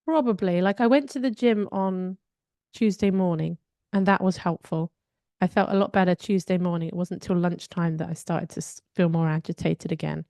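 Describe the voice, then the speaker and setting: A woman's voice: lowish voice, moderate pace, warm tone, dry recording, clean studio sound. A woman co-hosting a podcast, telling personal stories in a candid, reflective way during a casual chat. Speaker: podcast co-host.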